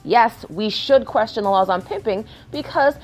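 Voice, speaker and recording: A woman reads news aloud and cuts in with sarcastic, swear-filled commentary. Her pitch swings widely as she mocks what she reads. Faint music plays underneath. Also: expressive, moderate pace. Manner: sarcastic, swears often, shifts into mock outrage. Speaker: commentator reading news stories. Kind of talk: casual ranting commentary.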